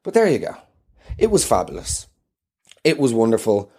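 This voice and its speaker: An Irish man hosting his own show, delivering an animated, sardonic comedic monologue. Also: medium pitch, moderate pace, breathy edge.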